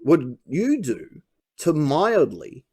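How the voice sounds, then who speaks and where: A man's voice: fairly high pitch, wildly swooping pitch, takes it slowly, a little mellow, husky. A man hosting a live comedy panel show, cracking jokes and laughing at his own gags.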